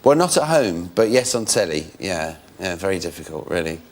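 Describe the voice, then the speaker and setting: A man's voice: sing-song, fairly quick, darkish tone. A man in his late thirties, a comedian guest on a chat show, talking jokily and slipping into character voices. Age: 30s. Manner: jokey, slips into squeaky character voices. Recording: TV studio with audience.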